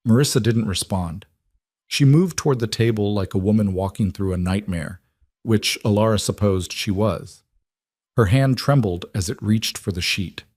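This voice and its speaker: A man narrating a dramatic story in a calm, even reading voice. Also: lowish voice, normal speed, dry recording, studio quality.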